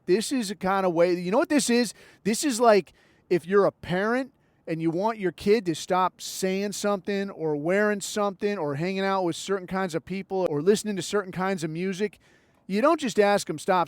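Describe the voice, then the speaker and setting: A man's voice: high voice, dry recording. A man hosting his own podcast in a rambling, sarcastic, profane solo monologue. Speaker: podcast host.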